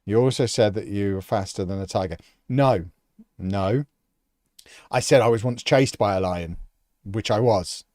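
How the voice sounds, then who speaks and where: Sarcastic, animated and quick to laugh, a football commentator talks to his viewers on a live stream as he plays. The man's voice sits on the low side, with clean studio sound and no room sound.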